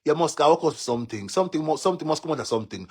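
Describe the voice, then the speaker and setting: A man's voice: on the high side, expressive, very fast, husky. A man with a Jamaican accent delivers a mocking, cursing online rant, taunting and repeating himself as he goes. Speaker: social media commentator. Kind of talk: ranting live-stream monologue.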